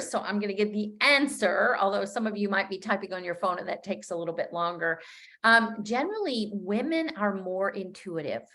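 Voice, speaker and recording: A woman's voice: medium pitch, a bit bright. A middle-aged woman giving a live-streamed coaching talk. She is chatty and upbeat, speaks loosely and off the cuff, and laughs at her own slips. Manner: loose and unscripted, with frequent fillers and restarts. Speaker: business coach.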